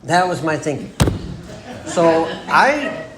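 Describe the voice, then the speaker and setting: A slightly high-pitched man in his forties, with big swings in pitch and a slow pace, shares his recovery journey at an AA meeting. Rambling and self-amused, he acts out what others said to him. The meeting room is echoey and has noise in the background.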